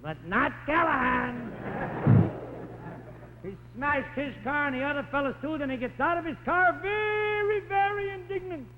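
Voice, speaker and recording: A man's voice: extremely high pitch, moderate pace, pauses often, big-room sound. A man telling rambling joke stories as a stand-up comedian on a telethon stage. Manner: wisecracking, rambling anecdotes. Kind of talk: stand-up storytelling. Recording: tinny 1950s broadcast recording, faint hiss.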